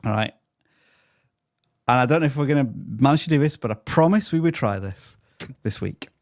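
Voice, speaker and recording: Male live-stream host, chatty and upbeat, mid pitch, dry close sound. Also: animated, brisk, no echo. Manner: upbeat, chatty, stumbles over names. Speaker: livestream host reading viewer questions. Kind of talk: live channel-review stream.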